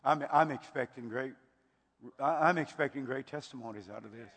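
A man's voice: mid-range voice, normal speed, fairly bright tone. An older man from Texas with a Texan accent, preaching a fervent sermon and often repeating his words. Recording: long hall reverb.

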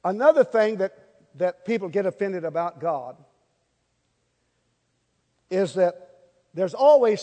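High-voiced folksy preacher in a hall. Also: male voice. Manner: folksy, animated, acts out little scenes. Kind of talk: sermon. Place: church hall before a congregation. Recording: hall reverb.

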